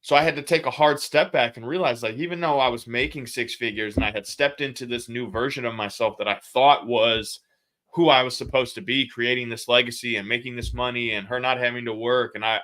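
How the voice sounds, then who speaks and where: Man, thirties, podcast guest, bright forceful voice, candid casual storytelling. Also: medium pitch, fairly even intonation, brisk. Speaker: podcast guest, sales coach. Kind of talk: casual interview chat.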